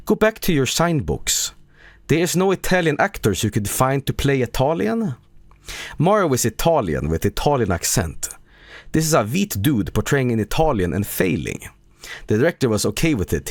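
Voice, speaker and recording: Indignant troll reviewer read by a man, blunt broken phrasing, lively ups and downs, dry close sound. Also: medium pitch, no room sound. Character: angry male troll movie reviewer, blunt.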